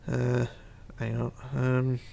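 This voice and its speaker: Man, gravelly voice, casual live-stream chat, halting, reads questions aloud, desk mic. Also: mid-range voice, completely flat delivery, dark tone.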